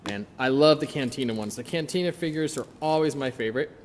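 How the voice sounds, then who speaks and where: A podcast host chats away enthusiastically while unboxing toys, casual and self-deprecating. He has a medium-pitched voice and talks fast, recorded in a big-sounding room with a little hiss or hum.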